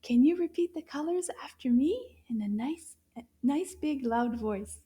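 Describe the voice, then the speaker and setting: A woman with a high voice teaches a children's lesson at an unhurried pace. She talks in a gentle sing-song, stretches each word out slowly and cheers the little ones on as they repeat after her. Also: expressive. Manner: sing-song, encouraging, drawn-out syllables. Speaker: French teacher for kids. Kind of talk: slow, clear children's lesson with repetition.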